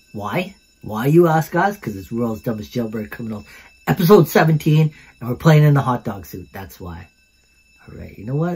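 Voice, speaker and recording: A man hosting his gaming channel, giving excitable gameplay commentary, repeating himself and calling out to his viewers. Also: mid-range voice, breathy edge.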